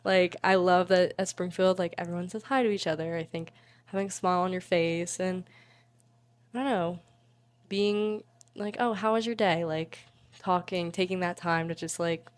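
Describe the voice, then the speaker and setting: A young woman in her twenties chats casually as an interview guest. She is bubbly and giggly and fills her talk with "like." Her voice sits a little low for a woman. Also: fairly even intonation, normal speed, smooth. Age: 20s.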